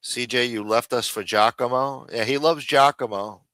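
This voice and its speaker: A man's voice: mid-range voice, normal speed, fairly bright tone, no room sound. A man hosting a live stream in a casual, profane rant, with many fillers, repeated phrases and muttered asides.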